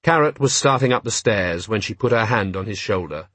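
Husky male audiobook narrator. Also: on the low side, expressive, fairly quick, fairly bright tone, dry recording. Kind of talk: scripted narration.

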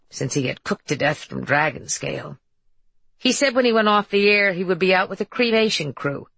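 Woman audiobook narrator, low, gravelly, measured. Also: no echo. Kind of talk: scripted narration.

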